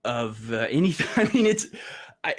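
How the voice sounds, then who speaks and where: A man talking as a guest on a casual political talk show, halting and restarting often. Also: medium pitch, very animated. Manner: halting, many restarts and fillers.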